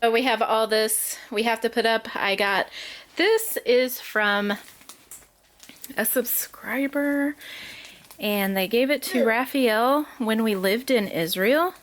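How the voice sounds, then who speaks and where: A woman's voice: a little high, slow, fairly bright tone. A woman chatting casually in a family home vlog, telling stories with laughs. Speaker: vlogger mother.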